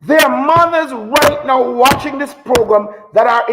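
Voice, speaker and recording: High-pitched man preaching with passion. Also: unhurried, few pauses, a bit bright, a little hiss or hum, rough recording. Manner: preachy, emphatic, repeats phrases for effect. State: emotional. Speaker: talk show host. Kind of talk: impassioned live show monologue.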